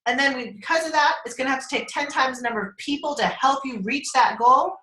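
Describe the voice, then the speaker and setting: A woman's voice: high-pitched, quick pace, sharp tone. Chatty woman in an echoey room. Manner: rambling, chatty, laughs often, swears casually. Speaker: team member on a group call. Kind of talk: casual chat. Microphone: conference call line.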